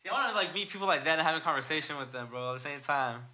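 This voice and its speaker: A man's voice: on the high side, animated, rapid-fire, sharp tone. A young man hosting a podcast in casual chat, rambling and swearing as he retells stories. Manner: rambling, profane, retells stories with put-on quotes. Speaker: podcast host.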